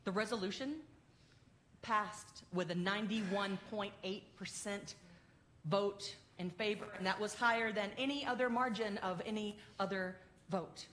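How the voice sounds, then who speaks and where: A woman minister giving an animated, heartfelt address to her congregation and quizzing them along the way. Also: medium pitch, a little slow, slight background noise. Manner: animated, quizzes the congregation, grows tender and emotional. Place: church sanctuary. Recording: echoey sanctuary.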